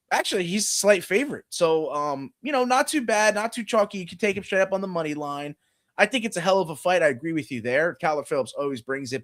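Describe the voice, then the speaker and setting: A man co-hosting a podcast, chatting casually about fight betting with lots of "you know" fillers. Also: fairly high pitch. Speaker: podcast co-host. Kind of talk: casual sports betting chat.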